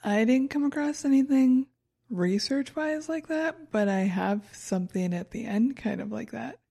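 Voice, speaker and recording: A woman's voice: on the high side, lively intonation, moderate pace, gravelly, dark tone. A woman co-hosting a podcast in casual chat, reading from her notes and stumbling over foreign words. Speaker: podcast co-host presenting research.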